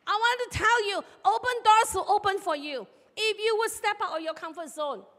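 Female preacher, high-pitched, lively storyteller; church hall with long reverb. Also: moderate pace. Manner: animated storyteller, acts out shouted market dialogue. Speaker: pastor. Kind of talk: sermon with personal stories. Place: church sanctuary.

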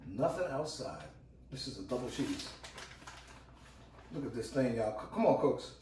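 A man's voice: medium pitch, sing-song, moderate pace, darkish tone, reverberant, distant mic, slight background noise. A man hosting a casual cooking demo, hyped and repetitive, calling out to his viewers as he works. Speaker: cooking channel host. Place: home kitchen.

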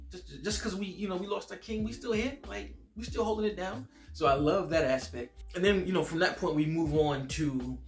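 A man giving a casual, enthusiastic spoken film review, slangy and full of restarts. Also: fairly high pitch.

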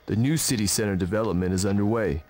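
An actor playing a brooding young man in a dubbed video game, speaking in a slow, solemn monologue. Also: lowish voice, a little mellow, soft background music, lightly acted. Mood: earnest brooding.

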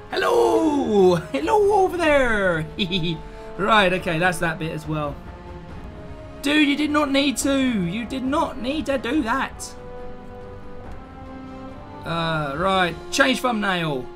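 Streamer, excitable, flustered, bright voice, faint music behind. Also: medium pitch. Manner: excitable and flustered, laughing often. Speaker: live streamer. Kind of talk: casual live-stream chat.

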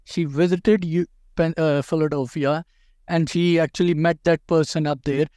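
A man's voice: a little high, fairly even intonation, moderate pace, darkish tone, no echo, clean studio sound. A man hosting a conversational interview, asking questions and giving direct advice, often repeating words for emphasis. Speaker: host interviewing a dental school applicant.

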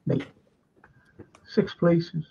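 A man's voice: extremely slow, mellow. A man hosting a live stream, reading viewer comments aloud and rambling through chatty anecdotes. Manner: reads comments aloud and chuckles at them. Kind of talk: rambling casual chat and anecdotes. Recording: lo-fi stream audio.

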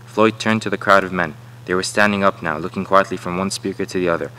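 A man reading a novel passage aloud with animated dialogue. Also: low voice, fast talker, few pauses, poor audio. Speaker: student reader.

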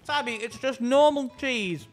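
A man's voice: very high voice, a little slow, soft background music. A young man from northern England with a Yorkshire accent, chatting casually while gaming live, joking and self-deprecating with lots of restarts. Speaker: streamer.

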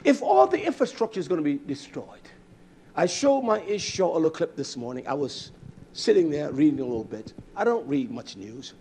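Here a male preacher's high voice jumps around with big pitch swings as he preaches, moving a little fast over slight background noise. His delivery is emphatic, shifting between loud outbursts and quiet murmurs, and he repeatedly addresses the congregation with pointed questions.

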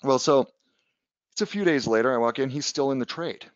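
A man's voice: medium pitch, fairly quick, no room sound, highs cut off. Man teaching trading, conversational. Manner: conversational, tags points with "right?", tells anecdotes. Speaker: trading educator. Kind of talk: casual webinar lecture.

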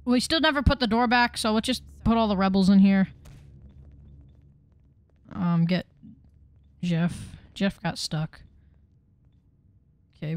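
A woman chatting through a game, excitable and tripping over her words. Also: medium pitch. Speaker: gamer. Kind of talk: casual game commentary.

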